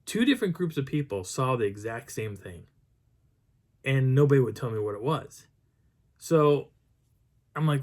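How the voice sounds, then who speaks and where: A Bigfoot researcher from Colorado's high country tells a rambling field story about a mountain hike, restarting again and again and pausing to act out the voices of people he met. His medium-pitched, slightly mellow voice swings widely in pitch, moving at normal speed with long pauses.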